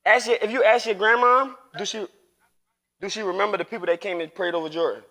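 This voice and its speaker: A man's voice: sits high, steady tone, fast talker, bright, forceful tone. A man chatting casually while gaming on a live stream, rambling and teasing with lots of profanity. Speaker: streamer and father.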